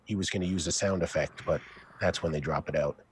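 A man's voice: low-pitched, steady tone, a little hiss or hum. A man co-hosting a casual podcast, wry and conspiratorial, swearing and spinning long joking theories. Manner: wry, conspiratorial, swears, tells drawn-out jokes. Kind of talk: casual chat.

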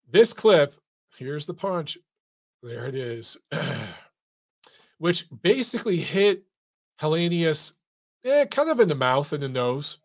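A man hosting a casual boxing analysis show, talking emphatically with repeated rhetorical questions while walking through a clip. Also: mid-range voice. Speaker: boxing commentator and show host.

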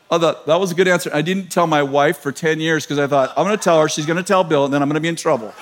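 A middle-aged American pastor preaching a sermon to a church, telling a story with laughter and self-mocking humor. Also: male voice, fairly high pitch, fast talker, slight background noise. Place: large church.

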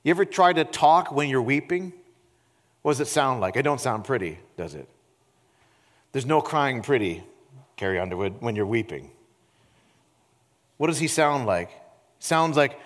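A male pastor preaching a sermon, expressive and full of rhetorical questions to the congregation. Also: medium pitch, a little slow, long pauses, in a large hall. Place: church sanctuary.

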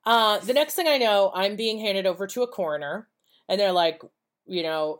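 A woman's voice: medium pitch, moderate pace. A woman co-hosting a podcast, telling a personal story in a blunt, profane, casual way and acting out the dialogue. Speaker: podcast co-host.

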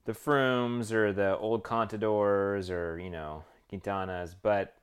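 Lowish-voiced man co-hosting casually. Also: slow, clear, resonant tone. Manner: excitable, hesitant with many ums. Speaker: podcast co-host. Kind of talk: casual chat.

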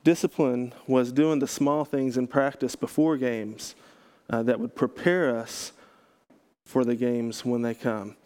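A man's voice: mid-range voice, steady tone, unhurried, a little mellow, clean tone. A man from Texas, a pastor, giving a casual teaching talk to a group, chatty and self-correcting, with joking asides.

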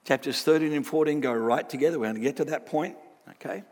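A man gives an animated Bible lecture, his fairly high voice ringing out in a hall with a long reverb. He keeps checking in with his listeners through quick tag questions.

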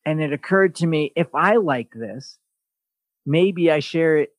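Male podcast host, slightly high voice, dry close sound; blunt, profane and sarcastic storyteller. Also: unhurried, dry recording. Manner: sarcastic, mocking asides. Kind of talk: casual podcast chat.

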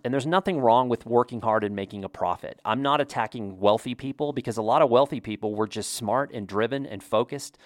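A man's voice: mid-range voice, no echo, clean studio sound. A man talking in a casual, rambling opinion monologue, often restarting his sentences and adding emphatic asides.

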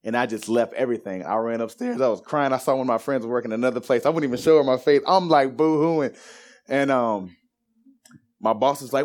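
A man in his thirties giving a personal faith testimony, telling it as a lively story and acting out the voices of the people in it. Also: medium pitch, brisk. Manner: animated storyteller who acts out quoted voices.

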